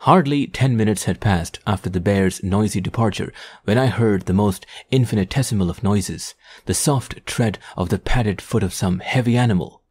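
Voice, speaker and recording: Man, audiobook narrator, low voice, husky tone, measured descriptive storytelling. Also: darkish tone. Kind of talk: scripted narration.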